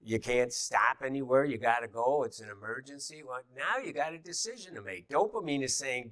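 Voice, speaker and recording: A man's voice: mid-range voice, expressive, normal speed, a bit bright, no echo. A middle-aged man teaching a class in an easy, conversational way, with many fillers and restarts and little acted-out quotes.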